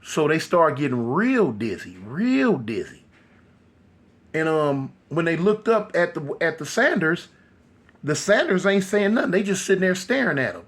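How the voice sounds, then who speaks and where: A man telling a horror story casually, animated and loose with many fillers. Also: on the high side, moderate pace.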